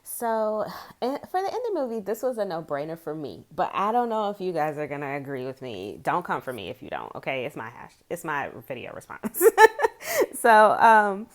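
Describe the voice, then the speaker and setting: A woman's voice: deep voice, sing-song, moderate pace. A woman in her forties, chatting casually to camera as a tarot video creator, rambling and chatty, with frequent giggles.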